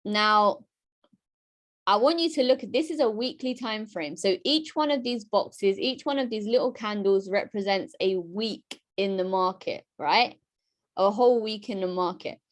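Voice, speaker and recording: A woman giving a live-streamed trading lesson, lively and chatty, talking straight to her viewers and often asking "right?". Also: mid-range voice, unhurried. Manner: talks straight to her chat audience. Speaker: trading educator.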